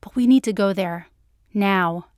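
A torn, flustered adult woman in a romance story, voiced by a woman narrator. Her lines come out urgent but quiet, mid-pitched, in a dry close recording. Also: a little slow, clean tone, dry recording, lightly acted.

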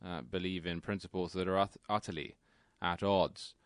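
A man, guest co-hosting a radio show, speaking in a measured, precise way. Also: sits low, steady tone, smooth, no room sound, studio quality. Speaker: guest co-host. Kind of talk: talk radio discussion.

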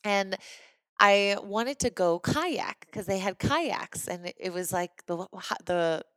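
A woman from Missouri hosting a podcast, telling a personal story in a lively, chatty way with lots of "like" fillers. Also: mid-range voice, slow pace, dry recording. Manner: animated, chatty, frequent "like" fillers. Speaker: podcast host. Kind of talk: casual storytelling monologue.

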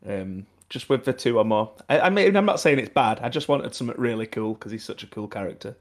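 A man's voice: mid-range voice, animated, fast talker. A man with a Birmingham accent co-hosting a casual gaming podcast, easygoing and teasing. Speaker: podcast co-host.

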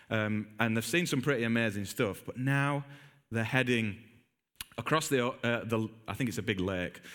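A middle-aged man preaching a sermon in a church, telling Bible stories with animated voices for the characters. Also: medium pitch. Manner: animated storytelling, acts out biblical characters.

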